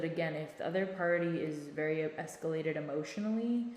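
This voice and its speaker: A woman with a lowish voice gives a casual advice monologue as a podcast host. She keeps it conversational and often tags her points with "right?". The recording sounds echoey, with a long reverb trailing behind her words.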